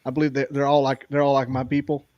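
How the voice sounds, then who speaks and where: A man's voice: medium pitch, monotone, quick pace, a little mellow, no echo, dull audio. A man co-hosting a casual podcast chat, rambling and ranting playfully.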